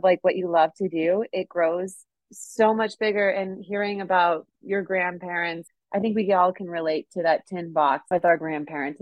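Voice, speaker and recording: A woman's voice: on the low side, no room sound, muffled recording. Effusive woman podcast host. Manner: emotional, effusive, laughing often. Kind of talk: casual conversation. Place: home basement.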